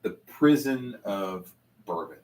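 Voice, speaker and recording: A man's voice: lowish voice, lively intonation, slow pace, darkish tone. A man hosting a casual whiskey tasting chat at a bar, enthusiastic and full of stammering restarts, heard from a distant mic. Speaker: host.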